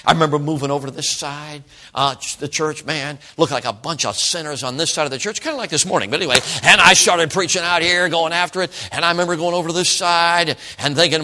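Bright-voiced pastor preaching a sermon. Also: male voice, fairly high pitch, fast talker. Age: 60s. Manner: dynamic, swings from loud to hushed whispers. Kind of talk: sermon storytelling.

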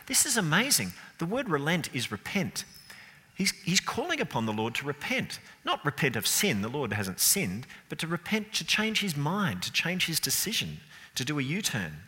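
Man, sermon, lively pitch, long hall reverb. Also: normal speed. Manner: expressive, rising emphatic delivery. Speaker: preacher.

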